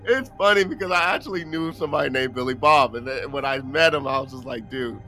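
A man's voice: mid-range voice, fast, bright, forceful tone, faint music behind. A man from Southern California hosting a podcast, telling anecdotes in casual chat and laughing often. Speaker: podcast host.

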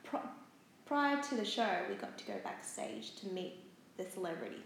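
A woman's voice: mid-range voice, animated, gravelly. Chatty Australian woman in an echoey room. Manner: chatty, quick to laugh. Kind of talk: casual storytelling chat. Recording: very echoey room, faint ambience.

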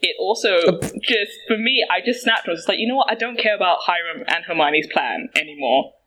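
Bright lively woman on a podcast, rattling along, laughing mid-sentence. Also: lowish voice, low-quality recording. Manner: fast, animated, laughs while talking. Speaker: guest podcaster. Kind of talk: casual podcast chat.

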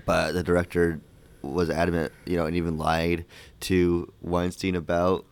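A man co-hosting a casual movie podcast, joking around and rambling with halting fillers. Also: low voice, level tone, a little hiss or hum. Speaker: podcast co-host.

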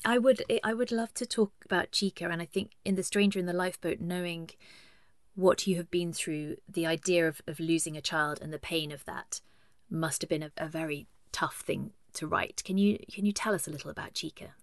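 A woman interviewer asking a guest questions in a gentle, somewhat halting way. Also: on the low side, steady tone, dry recording, clean studio sound.

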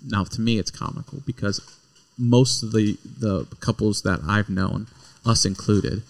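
A middle-aged man from Kentucky chatting casually with his wife, telling stories in a rambling, self-correcting way. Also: on the low side. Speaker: podcast co-host, husband. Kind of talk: casual chat.

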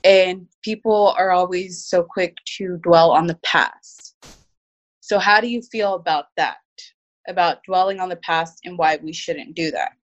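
An interviewer affirming the guest and asking a follow-up question, with halting restarts and fillers. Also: medium pitch, muffled recording.

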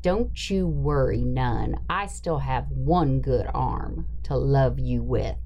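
A woman voicing a tender, rough-spoken Appalachian woman, with her voice lowered into a slow, deliberate drawl. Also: lo-fi sound, slight background noise, heavily acted. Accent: Appalachian (put on). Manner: slow, deliberate line reading.

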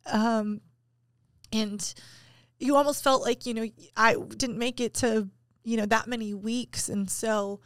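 A woman's voice: fairly high pitch, fairly even intonation, takes it slowly, a bit bright, clean tone, no echo, clean studio sound. A woman in her thirties co-hosting a faith podcast, telling a painful personal story candidly and with emotion. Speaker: podcast co-host. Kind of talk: casual chat.

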